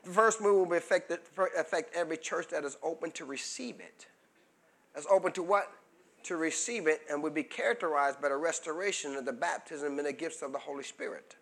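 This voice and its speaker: A man preaching a sermon as pastor, drawing call-and-response answers from the congregation and building to fervent shouts. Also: fairly high pitch, fairly quick.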